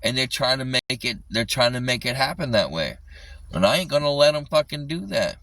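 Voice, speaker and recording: Man, livestreamer, furious rant, heavy swearing, bright tense tone, dry sound a bit off the phone mic. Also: medium pitch, animated, a little fast, no echo, recorded from a distance, low-quality recording. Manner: angry, swearing constantly, repeats himself. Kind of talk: ranting live stream.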